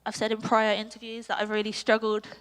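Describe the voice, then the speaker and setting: An English woman fighter with a squeaky voice, chatting self-critically in a post-fight press conference with many ums. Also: monotone, fast talker, fairly bright tone, smooth, in a large hall. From England.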